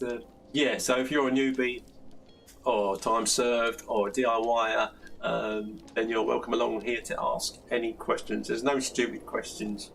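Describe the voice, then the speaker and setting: An older man chats through a live stream, laughing often and restarting his sentences as he goes. His voice is gravelly, and he sits a little back from the mic. A faint hiss of noise runs under him. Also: medium pitch, fairly bright tone. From South London. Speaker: live stream host answering plastering questions. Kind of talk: casual live stream chat. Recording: slightly distant mic with faint background noise.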